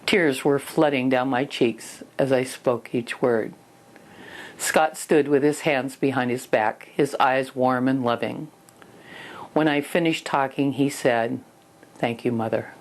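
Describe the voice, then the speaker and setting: Low-voiced older woman teaching parents. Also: steady tone, takes it slowly. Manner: earnest storytelling, acts out scenes. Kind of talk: parenting lesson with personal stories.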